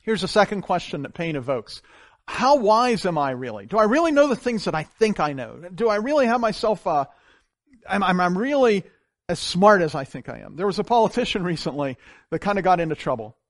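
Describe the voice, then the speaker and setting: A man preaching a sermon as pastor, telling stories with big swings from loud to hushed. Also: high voice, brisk, no room sound, clean studio sound. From grew up on a farm. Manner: animated storytelling with wide swings in loudness.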